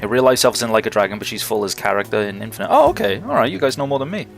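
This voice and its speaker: A man's voice: lowish voice, lively intonation, rapid-fire, gravelly, fairly bright tone, faint music behind. A young man streaming live, chatting casually with viewers in a rambling, enthusiastic way and swearing freely. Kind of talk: casual livestream chat answering viewers.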